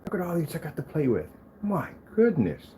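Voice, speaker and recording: A man testing and showing off his own projector screens, talking casually to the camera and to himself, proud and quick to defend his product. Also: a little high, slight background noise. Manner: animated, talks to himself as he browses.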